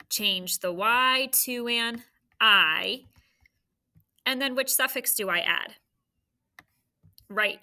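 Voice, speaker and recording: A woman teacher giving a recorded phonics lesson to third graders, leading repeat-after-me drills in a clear, encouraging way. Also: mid-range voice, bright, forceful tone.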